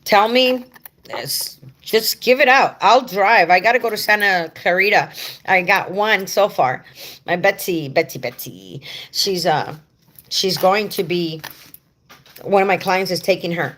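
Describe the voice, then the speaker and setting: A woman hosts a casual livestream for home care workers on a head-mounted mic, speaking unhurriedly in a medium-pitched, slightly bright voice. She's chatty and rambling, talking straight to her viewers with affectionate asides.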